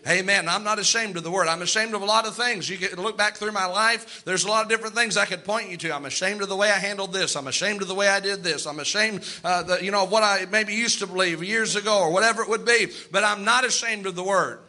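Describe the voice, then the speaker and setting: A man's voice: high voice, fast talker, few pauses, sharp tone. A male pastor preaching a sermon, repeating lines for emphasis and calling out amens.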